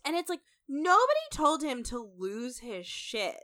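A woman's voice: high voice, very animated, a little slow, a bit bright. A woman co-hosting a podcast, chatting casually and emphatically about a reality show, swearing freely. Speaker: podcast co-host.

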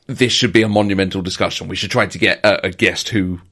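A man's voice: low-pitched, steady tone, fast talker, fairly bright tone. Enthusiastic man co-hosting a podcast. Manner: enthusiastic, repeats words, laughs often. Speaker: podcast co-host. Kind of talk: casual chat.

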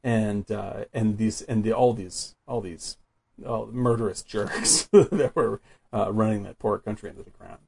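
Husky guy w a gravelly voice, chatty, says like a lot, talking movies. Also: fairly low pitch, normal speed, a little mellow. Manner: chatty, fills with "like". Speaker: podcast host. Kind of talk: casual film discussion.

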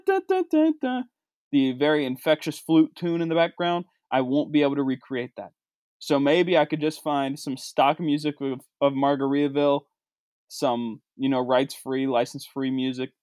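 A man's voice: medium pitch, a little mellow, dry recording, clean studio sound. Sarcastic man ranting for laughs. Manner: sarcastic, swinging from mutters to outbursts. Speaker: comedic vlogger. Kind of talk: comedic rant to camera.

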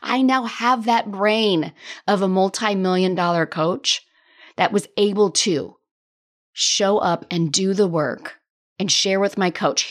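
A woman talks alone into the mic for her coaching podcast, earnest and openly emotional. Her voice sounds strained and worn, and her pitch sits in the middle of the usual range. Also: a little slow. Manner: earnest, emotional, talks through tears at times. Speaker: podcast host and business coach. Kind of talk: solo podcast monologue.

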